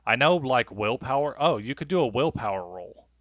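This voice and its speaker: A man's voice: medium pitch, expressive, normal speed, fairly bright tone, no echo, lo-fi sound. A man running a tabletop game as game master, talking with many hesitations and fillers.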